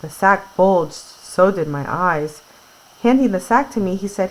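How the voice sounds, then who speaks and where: A woman's voice: mid-range voice, a little slow, poor audio. Woman reading a novel aloud to a class. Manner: reads aloud, then retells in casual words with fillers. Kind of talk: classroom read-aloud with retelling.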